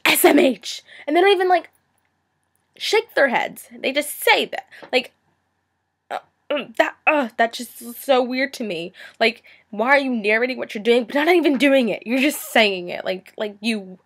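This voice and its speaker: A woman's voice: a little high, expressive, moderate pace, fairly bright tone. A teenage girl ranting in a vlog, sarcastic and exasperated, now and then slipping into mocking impressions. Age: teens. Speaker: vlogger.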